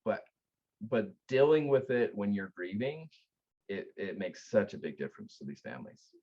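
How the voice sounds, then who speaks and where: A man with a lowish voice tells stories in an earnest, lively way, often restarting his sentences. His audio sounds dull and lo-fi, like a remote call. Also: moderate pace. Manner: earnest, animated storyteller with repeated restarts. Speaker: guest, aftercare company founder. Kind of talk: conversational storytelling.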